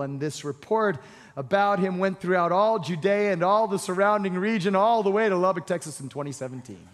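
High-voiced man preaching in a reverberant hall. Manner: rising to passionate exhortation, repeats phrases, quick asides. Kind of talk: sermon.

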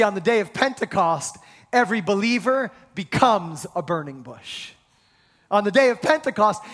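A male pastor preaching a sermon with energetic rhetorical questions and call-and-response with the congregation. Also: high voice. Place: church hall. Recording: reverberant hall.

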